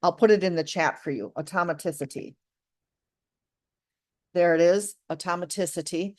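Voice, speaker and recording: A woman teaching an online English lesson, slow and deliberate, encouraging her students. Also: on the low side, a little mellow. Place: live online class.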